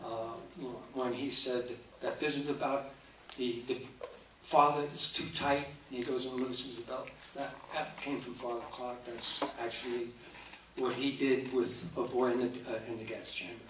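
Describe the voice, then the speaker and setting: A man's voice: medium pitch, fairly even intonation, normal speed. Older guy reminiscing at a theater q&a, trips over his words, faint room noise. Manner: reminiscing, with frequent restarts. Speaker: actor as guest. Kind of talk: on-stage Q&A with a film audience. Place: theater stage before an audience. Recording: echoey hall, mic from far off.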